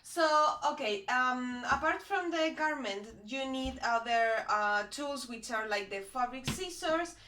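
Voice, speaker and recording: Animated and chatty, a sewing vlogger rambles through a how-to for her viewers, hesitating often as she gropes for words. Her bright voice sits a bit high, and the roomy space around her echoes.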